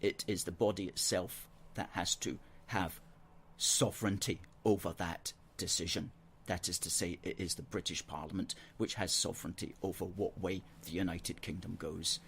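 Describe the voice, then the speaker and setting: A man hosting a political call-in show, arguing his points in a measured, earnest way and reading out viewer comments on a studio microphone. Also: low voice, steady tone, creaky, fairly bright tone, slight background noise.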